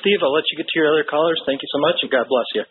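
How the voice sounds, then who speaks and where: A man calling in to a radio show, agreeable and relaxed, offering casual analogies. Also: on the high side, racing. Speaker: caller. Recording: tinny phone line.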